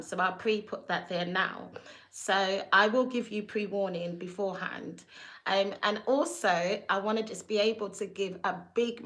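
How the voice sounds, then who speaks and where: A young woman chats straight to camera, casual and animated. She drifts into asides and laughs at herself. Her voice sits at an everyday middle pitch. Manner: chatty, lively, laughs and asides. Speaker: vlog host. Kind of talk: casual testimony vlog.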